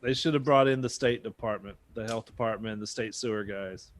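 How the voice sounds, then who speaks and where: A man's voice: on the low side, a little fast. A Texan man co-hosting a podcast, making teasing wisecracks in casual chat. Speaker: podcast co-host. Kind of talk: casual movie-riffing chat.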